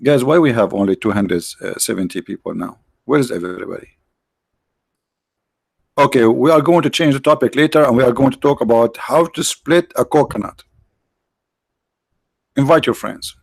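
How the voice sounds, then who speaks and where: A man hosting a live stream with mocking, sarcastic commentary and rhetorical questions, his voice tired, clearing his throat now and then. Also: mid-range voice, moderate pace, long pauses, no room sound. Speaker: online show host.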